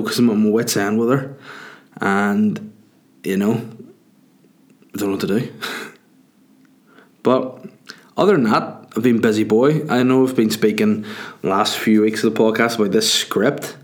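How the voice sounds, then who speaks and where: A man hosting a podcast, telling a rambling comic story full of swearing, with constant "you know" and "do you know what I mean". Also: on the low side. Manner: profane, joking, digressive storytelling. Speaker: podcast host.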